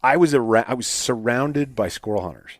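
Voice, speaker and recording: A man telling stories as a podcast guest in a casual, animated way, full of fillers and restarts. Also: medium pitch, fairly quick, no echo, studio quality. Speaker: podcast guest, state game bird biologist. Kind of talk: casual storytelling in an interview.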